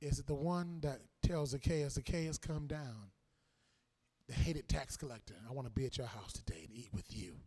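A man preaching a sermon, swinging between shouted, sing-song emphasis and quiet, conversational asides. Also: medium pitch, normal speed, husky.

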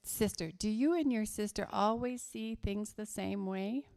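Woman from west virginia telling kids a church story, slow and emphatic, bit of creaky fry. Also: mid-range voice, a little mellow. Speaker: children's story speaker at church. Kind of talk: children's sermon.

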